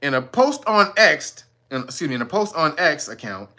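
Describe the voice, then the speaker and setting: A man hosting a casual news commentary stream, talking in a profane, animated way and often laughing. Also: on the high side, moderate pace. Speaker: channel host.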